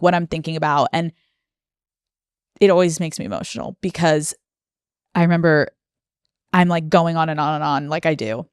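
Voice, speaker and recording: Close to tears, a podcast host, an American woman in her thirties, speaks candidly and emotionally in a personal monologue full of fillers. Her voice is low and clean-toned, and the recording is dry.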